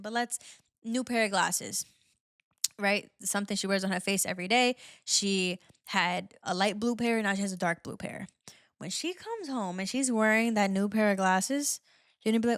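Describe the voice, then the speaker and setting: A woman's voice: medium pitch, normal speed, fairly bright tone, no echo, studio quality. A young woman hosting her own podcast, giving candid relationship advice in a chatty, casual way full of "like" fillers. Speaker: podcast host. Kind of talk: casual solo podcast chat.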